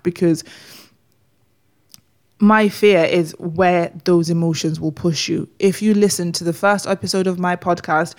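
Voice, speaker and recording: A woman's voice: fairly low pitch, a little mellow. A woman hosting her own podcast, speaking earnestly and pleading, often repeating words as she talks through a personal story. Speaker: podcast host.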